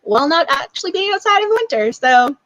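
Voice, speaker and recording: A young woman with a high voice hosts a book club live stream in a bubbly, gushing way, full of fillers. The sound is dry and close. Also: sing-song, fast, fairly bright tone, no echo, low-quality recording. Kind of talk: casual live stream chat.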